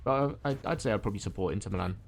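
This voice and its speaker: A man's voice: on the low side, rapid-fire, creaky, faint music behind. A man from Ireland streaming a game, chatting casually and a bit groggily, rambling with fillers and restarts. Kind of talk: casual chat while playing a game.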